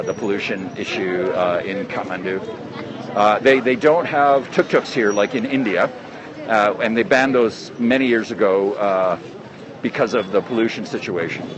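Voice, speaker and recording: A Canadian man walking through a busy outdoor square, talking into his phone in a rambling, friendly live broadcast with many fillers and restarts. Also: medium pitch. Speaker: travel vlogger livestreaming. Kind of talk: casual live street broadcast. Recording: street noise from traffic. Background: crowd and motorcycles.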